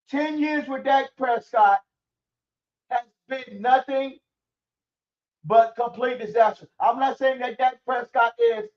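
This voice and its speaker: A man's voice: very high-pitched, recorded from a distance, highs cut off. A man ranting angrily and profanely about his football team on a stream. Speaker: sports commentary streamer. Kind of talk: angry sports rant.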